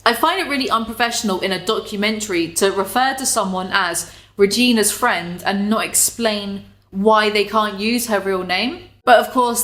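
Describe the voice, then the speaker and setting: A woman's voice: mid-range voice, a bit bright. A woman commentator with a mid-range voice, chatty and sarcastic. She rolls her eyes through the material in a loose, casual video-commentary style, dropping the odd swear. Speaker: commentary YouTuber.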